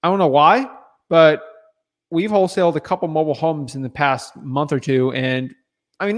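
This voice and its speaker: Chatty man on a livestream. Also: on the high side. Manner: relaxed, chatty, loose filler words and restarts. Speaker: real estate wholesaler answering viewer questions. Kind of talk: casual livestream chat.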